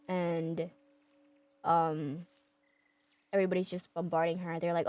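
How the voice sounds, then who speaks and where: A woman's voice: on the low side, expressive, moderate pace, long pauses, soft background music. Chatty woman streamer recapping a story. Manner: chatty, lots of fillers and laughs.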